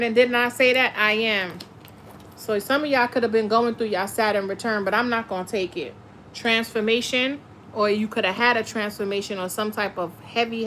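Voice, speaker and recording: A woman's voice: medium pitch, a bit bright, slight background noise. A woman doing a tarot reading in a blunt, profane, casual way, sometimes reading passages aloud. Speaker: tarot reader. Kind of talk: casual spiritual chat and card reading.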